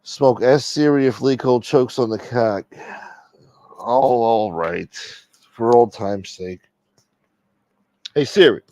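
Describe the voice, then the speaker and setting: A man's voice: mid-range voice, slow, dark tone, dry recording. A man hosting a late-night livestream, chatting casually in a blunt, profane, streetwise manner. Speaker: livestream host.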